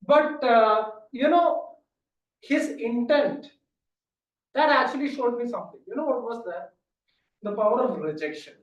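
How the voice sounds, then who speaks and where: Brief: high-voiced man, lively storyteller at a podium, echoey room, distant mic. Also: measured pace. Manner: lively storyteller acting out dialogue. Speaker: club speaker giving a prepared speech. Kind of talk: storytelling speech. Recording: roomy hall from a distance.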